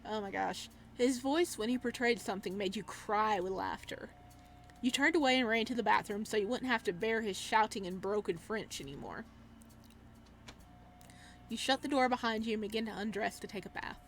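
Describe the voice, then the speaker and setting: A woman's voice: a little high, expressive, normal speed, slight background noise. Woman dramatically reading a horror game. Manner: dramatic reading with startled, swearing reactions. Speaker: gaming channel host. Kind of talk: reading a visual novel aloud with commentary.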